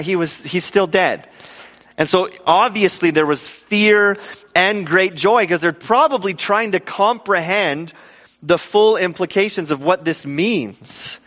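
A man preaching a sermon in a lively, conversational way, acting out the people in the story. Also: a little high. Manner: animated, conversational, acts out quoted voices. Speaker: pastor. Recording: dull sound with long hall reverb.

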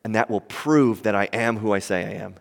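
A man's voice: fairly quick, vocal fry, big-room sound. A man preaching a sermon in a conversational way, acting out the people he quotes. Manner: conversational, acts out quoted voices with lively pitch swings.

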